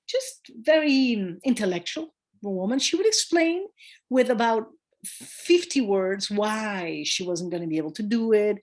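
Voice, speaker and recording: A woman midwife, a guest in a conversational interview, telling a story with emphasis, acting out quoted voices and pausing on fillers. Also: medium pitch. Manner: animated storyteller who acts out quoted voices; warm and emphatic, with hesitant fillers.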